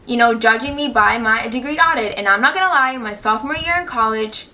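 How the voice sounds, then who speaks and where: Bright, chatty young woman telling a story. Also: fairly high pitch, fairly quick. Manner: animated, many "like" fillers. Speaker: vlogger. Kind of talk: casual storytime.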